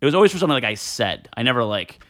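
A middle-aged man from New Jersey telling stories in a casual podcast chat, acting out the quotes. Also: medium pitch. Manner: fast animated storyteller, acts out quotes. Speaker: podcast guest. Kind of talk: casual storytelling.

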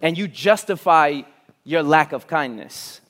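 A man preaching a sermon in an auditorium, dropping to near-whispers on key lines and building to loud, emphatic runs. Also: high voice, expressive, measured pace. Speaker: pastor.

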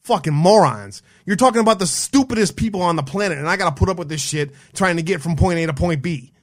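A man's voice: sits high, quick pace. A man hosting a live call-in stream, telling a story in a heated, profane rant full of restarts. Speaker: stream host taking callers. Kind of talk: casual ranting storytelling.

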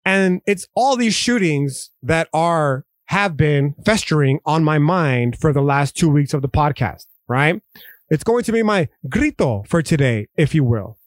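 A man's voice: fairly high pitch, lively intonation, unhurried, dry recording, studio quality. A man hosting a podcast, talking in a profane, rambling, conversational way. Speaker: podcast host. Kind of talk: casual podcast monologue.

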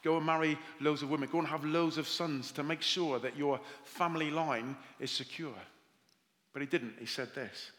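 A man's voice: on the high side, steady tone, normal speed. A man with a Welsh accent preaching a sermon as pastor, telling stories and reading scripture aloud. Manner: warm storytelling with scripture readings. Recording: long hall reverb.

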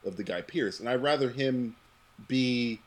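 Speaking unhurriedly in a mid-range voice, a man hosts a podcast of casual chat. He is animated, swears freely, and laughs a lot.

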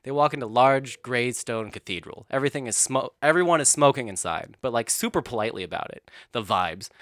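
A man's voice: medium pitch, animated, brisk, a bit bright, no echo, clean studio sound. A man casually narrating a comedic parody script, laughing mid-sentence and dropping sarcastic asides.

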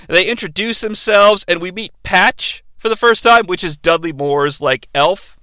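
Animated, bright-voiced man ranting about a movie. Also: high-pitched, normal speed, dry recording. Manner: animated, profane, joking. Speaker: movie reviewer host. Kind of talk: comedic movie recap rant.

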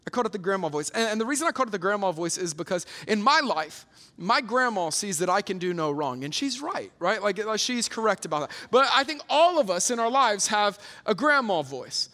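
A young man delivers a sermon with a fairly high voice and an earnest, storytelling manner, often restarting his sentences. His voice rings out with the long reverb of a large hall. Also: big pitch swings, fairly quick, sharp tone. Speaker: preacher.

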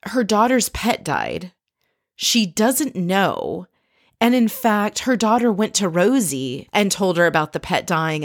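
A woman's voice: low-pitched, no room sound, clean studio sound. A woman giving a chatty, opinionated recap of a reality TV episode, telling it like a story.

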